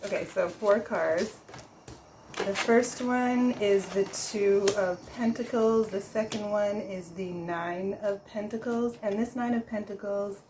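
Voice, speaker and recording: A woman leads a relaxed tarot reading in an unhurried voice, laughing easily and correcting herself as she goes. She talks at a slow pace in a mid-range tone. A faint hiss sits under the recording. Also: mid-range voice, echoey room, rough recording. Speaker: tarot reader. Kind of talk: casual tarot reading vlog.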